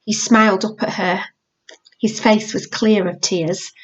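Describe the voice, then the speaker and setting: A woman reading a children's novel aloud in a measured storytelling manner. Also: medium pitch, fairly even intonation, husky. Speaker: reader. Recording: dull lo-fi audiobook recording.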